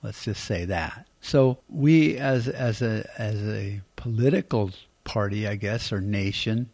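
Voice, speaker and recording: A man's voice: on the low side, unhurried, a little mellow. A middle-aged American man hosting a podcast, giving rambling, blunt political commentary and swearing freely. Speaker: podcast host.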